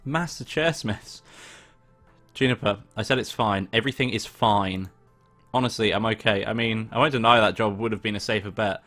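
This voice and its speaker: A man's voice: lowish voice, steady tone, a little fast, fairly bright tone. A young man reading a visual novel aloud with casual, joking commentary, now and then swearing. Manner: casual, swears, laughs at himself. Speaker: let's play host. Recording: faint background music.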